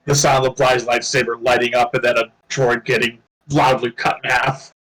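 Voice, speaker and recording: A man's voice: medium pitch, little pitch movement, moderate pace, a bit bright, husky, low-quality recording. A man running a tabletop role-playing game as game master, chatting casually and often laughing while he narrates.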